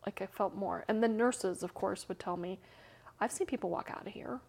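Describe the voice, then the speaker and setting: A woman's voice: mid-range voice, normal speed, creaky, a little mellow. A middle-aged woman, an interview guest, candidly telling an emotional personal story, full of fillers and sometimes dropping to a whisper. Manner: candid, many "you know" and "like" fillers, drops to whispers.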